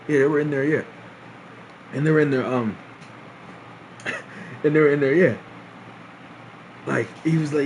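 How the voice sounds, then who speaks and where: Young man, streamer, casual storytelling, slangy and profane, repeats himself, mid pitch, faint background noise. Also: a little slow, long pauses.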